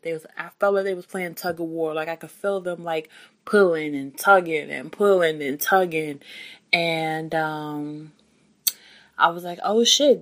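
A woman's voice: on the low side, fairly bright tone. A young woman casually telling her birth story, chatty and rambling, with many fillers and restarts.

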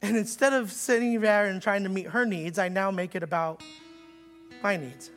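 A male pastor preaching a sermon, dropping to slow, quiet lines and then rising to loud, fast preaching, with many repeated words and restarts. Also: sits high, soft background music.

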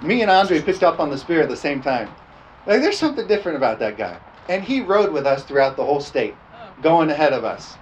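Laughing, folksy preacher man, slightly high voice. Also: very animated, fast talker, lo-fi sound, slight background noise. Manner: folksy, laughing often, punctuating with "amen?". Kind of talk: storytelling sermon.

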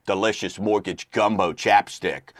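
A man's voice: lowish voice, steady tone, measured pace, no room sound, clean studio sound. A middle-aged man hosting a radio talk show in a loose, rambling way, full of fillers. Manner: rambling, laid-back, lots of fillers. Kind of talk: casual chat.

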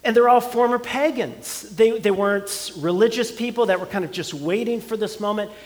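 A man's voice: sits high, moderate pace, in a large hall. A man preaching a sermon, building emphasis with repeated words and phrases. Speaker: pastor.

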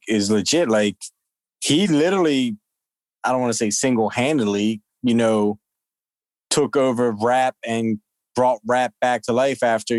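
A man's voice: medium pitch, darkish tone, no room sound. A man co-hosting a casual podcast, cracking jokes in drawled asides. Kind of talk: casual chat.

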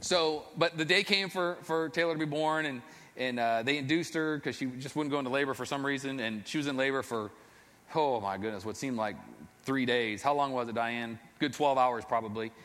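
A man's voice: mid-range voice, steady tone, moderate pace, fairly bright tone. A man, a father, telling his faith testimony in an earnest, rambling, self-deprecating storytelling way. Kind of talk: personal storytelling. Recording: long reverb, echoey hall.

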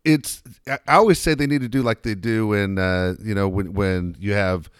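A man's voice: fairly low pitch, moderate pace, clear, resonant tone, dry recording, studio quality. A man in casual chat, teasing and arguing with his friend about baseball. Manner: teasing, argumentative banter. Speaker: podcast co-host.

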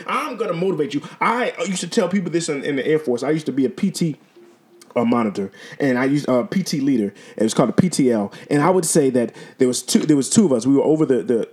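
Brief: middle-aged male podcast host, high voice, earnest encourager, stumbles and repeats himself. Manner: repetitive, stumbling, earnest and exhortative. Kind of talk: motivational podcast monologue.

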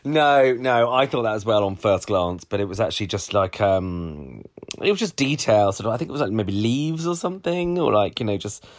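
A man co-hosting a podcast in casual chat, cheeky and teasing, quick to laugh. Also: on the low side, lively intonation. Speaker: podcast co-host.

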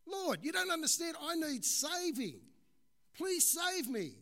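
A man yelling as a panicked man hanging off a cliff. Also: very high voice, sing-song, measured pace, voice pushed up, exaggerated voice. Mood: desperate pleading. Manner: desperate pleading yells.

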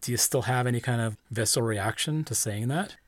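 A man's voice: mid-range voice, brisk. A man interviewing a guest, asking friendly, probing questions. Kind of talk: interview conversation.

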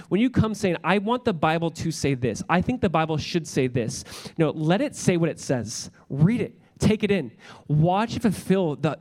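Young guy preaching in church, earnest and chatty, keeps restarting sentences, kinda high voice. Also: darkish tone. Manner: earnest, conversational, repeats words and restarts. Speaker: pastor. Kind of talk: sermon.

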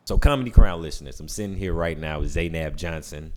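A man hosting a podcast interview in a casual, slangy way, with playful jumps into high-pitched laughing impressions. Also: fast talker, a little mellow. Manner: laid-back slangy talk, bursts into high laughing impressions. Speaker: podcast host.

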